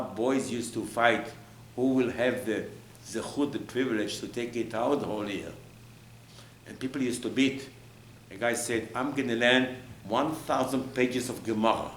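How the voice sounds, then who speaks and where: A man giving a sermon as a rabbi, animated, often jumping up in pitch to mock people. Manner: animated, acts out mocking voices, jumps high in pitch. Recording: echoey room with faint ambient noise.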